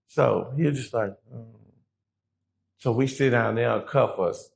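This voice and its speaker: Gravelly man telling a profane story. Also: medium pitch, normal speed, pauses often. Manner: profane, animated, acts out quoted voices. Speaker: guest telling a prison story. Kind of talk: casual storytelling.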